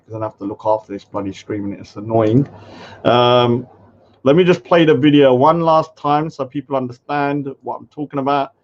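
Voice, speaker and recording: A man's voice: mid-range voice, a little mellow. A man commenting scornfully on a livestream, mocking comments. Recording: dull lo-fi stream audio.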